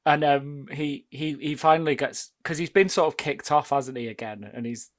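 A man's voice: a little high, moderate pace. A man in casual chat, laughing as he retells film scenes and acts out bits of dialogue. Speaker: podcast co-host discussing a film.

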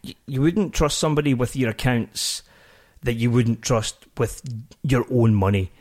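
A man's voice: medium pitch, darkish tone. A man chats casually on a podcast with his wife. He stops and restarts his sentences often and leans on fillers as he thinks. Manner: halting, full of restarts and fillers. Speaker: podcast co-host. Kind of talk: casual chat.

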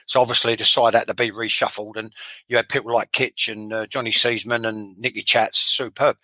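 A man's voice: on the low side, little pitch movement, a little fast, bright, forceful tone, dry recording, low-quality recording. A man, a former footballer telling blunt, sweary stories in a casual interview, often repeating himself.

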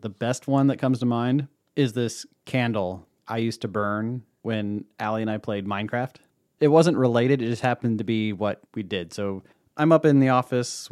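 A man in his middle years chats casually across the table, his voice sitting low. He drifts through long, meandering stories, backing up to fix his words. The sound is close and dry, with no room around it. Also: a little mellow, no echo. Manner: rambling, self-correcting storyteller. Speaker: podcast co-host. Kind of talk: casual chat over wine.

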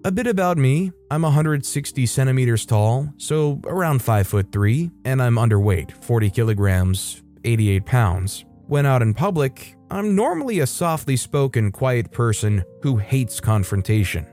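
A man hosting a podcast, reading a first-person story aloud in a steady narration and voicing the quoted characters in his own voice. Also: mid-range voice, normal speed, hardly any pauses, soft background music. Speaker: podcast host reading stories. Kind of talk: scripted narration.

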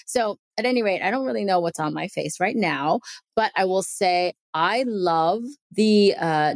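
A woman's voice: medium pitch, darkish tone, no echo, clean studio sound. A woman dermatologist chatting as a guest on a podcast over a remote call, talking easily and laughing often. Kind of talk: casual podcast chat.

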